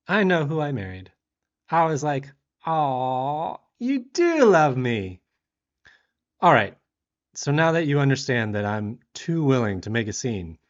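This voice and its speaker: A man from the South, telling a lively story as a woodworking vlogger and shouting out the quoted lines. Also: medium pitch, lo-fi sound. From Southern United States. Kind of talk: storytelling voice-over.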